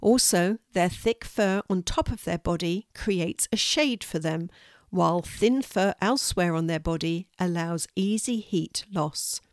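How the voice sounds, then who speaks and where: A woman's voice: lowish voice, unhurried, dry recording, studio quality, lightly acted. A woman voicing a kindly female guide in a children's story, patiently explaining things in a teacherly way. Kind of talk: storybook reading.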